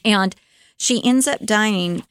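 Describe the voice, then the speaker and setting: Brief: woman podcast storyteller, animated, chatty, mid pitch, dry close sound. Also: slow, clean tone, no room sound. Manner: animated storyteller, fillers, acts out quotes. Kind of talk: casual retelling of a life story.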